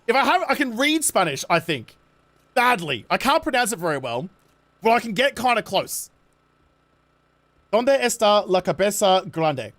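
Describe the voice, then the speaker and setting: A man's voice: very high-pitched, sing-song, normal speed, fairly bright tone. A young Australian man streaming a game, chatty and jokey, his voice worn and tired. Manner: chatty, jokey, self-mocking. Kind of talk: casual live-stream chat.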